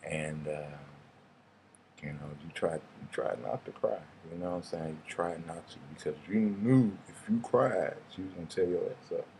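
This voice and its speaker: A man's voice: low voice, moderate pace, a little mellow, a little hiss or hum. A young man, telling rambling, casual stories and swearing freely in a vlog. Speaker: vlogger. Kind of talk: casual storytelling monologue.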